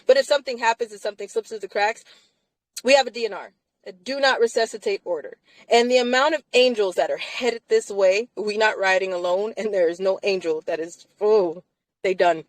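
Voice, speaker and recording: A woman's voice: mid-range voice, brisk, no room sound, poor audio. A woman hosting a casual live chat from inside a car, talking emphatically and laughing often between phrases.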